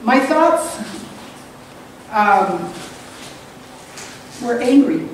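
A woman preaching a sermon in earnest. She speaks reflectively and rises high when she stresses a point. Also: lively intonation, very slow. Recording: roomy echo, distant mic, faint hiss.

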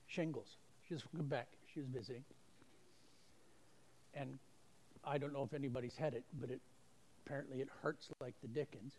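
Guy telling church stories, folksy, pokes fun at himself, middle pitch. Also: dark tone. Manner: folksy, self-deprecating storyteller who acts out quoted voices. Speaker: guest speaker giving a church testimony. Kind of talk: church testimony storytelling. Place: church service, streamed online.

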